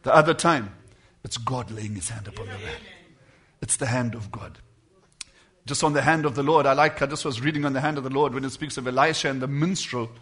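Speaking in a mid-range voice, a man delivers a sermon to his congregation, alternating hushed and loud moments and elongating words for emphasis.

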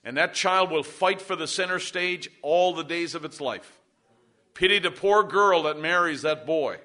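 A man's voice: fairly high pitch, unhurried, sharp tone. A middle-aged male pastor preaching a sermon, pressing points with emphasis and calling for amens from the congregation.

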